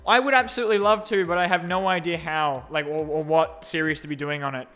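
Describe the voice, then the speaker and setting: A young man hosting a casual Q&A and unboxing video, excitable and sarcastic, jumping between loud gushing and mumbled asides. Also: sits high, fairly quick, few pauses, clean tone, faint music behind. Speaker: YouTube host.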